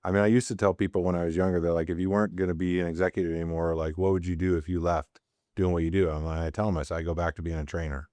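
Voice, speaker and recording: A middle-aged man hosting a podcast, telling rambling stories and often tacking on quick tag questions. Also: low-pitched, level tone, warm tone, no room sound. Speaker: podcast host. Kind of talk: casual storytelling talk.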